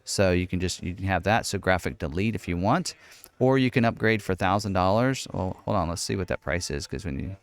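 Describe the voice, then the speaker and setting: A man's voice: low voice, fairly quick. A man hosting a car channel, casually walking through options on screen, thinking aloud with many fillers and restarts.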